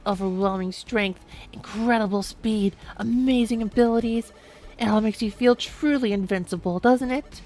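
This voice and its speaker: A man voicing a calm, menacing male robot who once hosted a strange power, explaining things in a smooth villain monologue. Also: high voice, moderate pace, faint music behind. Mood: ominous.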